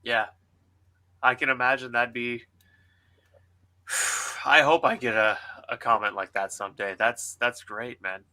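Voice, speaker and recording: A man's voice: medium pitch, fairly even intonation, unhurried, pauses often, sharp tone. A man co-hosting a casual podcast, talking bluntly and emphatically and swearing freely. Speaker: author and podcast co-host.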